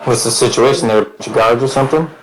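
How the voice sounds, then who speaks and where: A man's voice: mid-range voice, fast talker, a little hiss or hum, rough recording. A man playing in a tabletop game, casually talking through his plans. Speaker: player. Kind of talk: casual tabletop play online.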